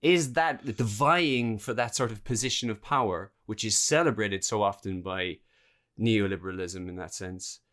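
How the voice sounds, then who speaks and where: A man's voice: lowish voice, normal speed, a bit bright. A man hosting a podcast who rambles through a question in casual conversation, searching for words and swearing. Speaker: podcast host.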